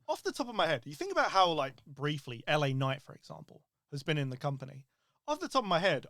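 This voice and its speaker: A man co-hosting a casual podcast chat, joking and swearing with quick comebacks. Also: fairly high pitch, fairly bright tone, no echo, studio quality. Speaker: podcast co-host.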